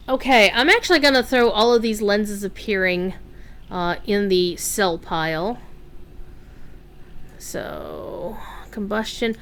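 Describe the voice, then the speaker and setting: A woman's voice: medium pitch, big pitch swings, slow pace. A woman streaming a game, chatting casually and rambling through asides with plenty of fillers and offhand swearing. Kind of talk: casual gameplay commentary.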